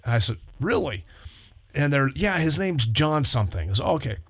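A man's voice: medium pitch, moderate pace, husky, dry recording. A man, a pastor co-hosting a radio talk show, telling stories in casual chat and acting out the voices of the people in them. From Southern California. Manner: animated storyteller, acts out quoted voices.

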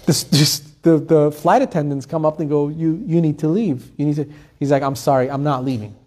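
Male Torah teacher, fairly high voice, lively storyteller who acts out the people in his tales. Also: moderate pace. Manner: animated storytelling, acting out the people in his stories.

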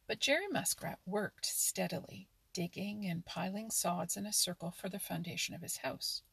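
Brief: woman narrator for a storybook, very breathy, a gravelly edge. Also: mid-range voice, normal speed, a bit bright, no room sound. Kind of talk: reading a children's animal story aloud.

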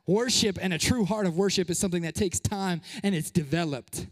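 A young man preaching a sermon as pastor, lively and joking, slipping into playful voices and short of breath. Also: high-pitched, a little fast, big-room sound. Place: church sanctuary.

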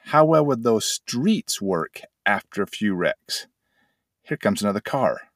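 Slow, deep-voiced older man. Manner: folksy, animated storytelling with sound effects. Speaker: host and addiction mentor trainer. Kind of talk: motivational talk to camera.

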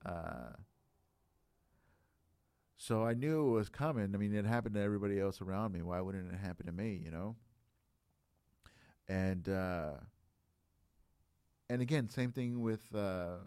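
Low, smooth-voiced man in his late 30s. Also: darkish tone, no echo, studio quality. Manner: rambling, reflective, heavy on filler phrases. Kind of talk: casual podcast chat.

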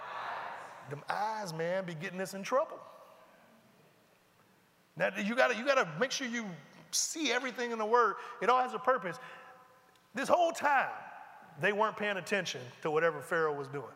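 A man preaching a sermon, reading scripture aloud and explaining it in animated, conversational asides. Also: sits high, normal speed, pauses often. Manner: animated, conversational, breaks into asides and mimics characters. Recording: long reverb of a large hall.

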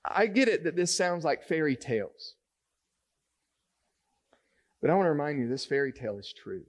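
A man's voice: a little high, sing-song, moderate pace. A man preaching a sermon to a congregation, earnest and building to emphatic points as he reads scripture. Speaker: pastor. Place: church sanctuary.

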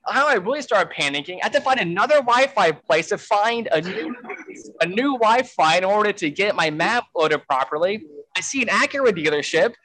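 Man, guest telling a story, casual, frantic, fillers, somewhat high voice. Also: moderate pace, low-quality recording. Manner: animated, frantic retelling with swearing and fillers.

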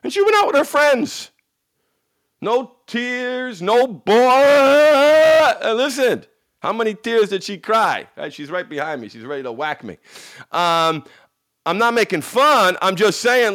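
A man gives a motivational coaching talk, hammering points home with repetition and frank, salty language. His voice sits fairly high and jumps between loud bursts and hushed lines. The sound is dry and close. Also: lively intonation, a little slow, dry recording. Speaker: addiction recovery coach.

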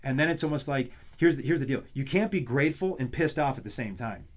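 A man's voice: mid-range voice, expressive, fast talker. Male host, 30s, casual podcast chat, rambling, keeps circling back, mid-range voice. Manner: rambling, many restarts and "you know what I mean".

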